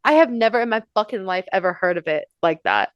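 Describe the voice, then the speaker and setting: A woman podcast co-host from New York, chatting casually and reading history notes, loud and profane, breaking into shrieking laughter. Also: medium pitch, animated, fast talker, no echo, dull audio.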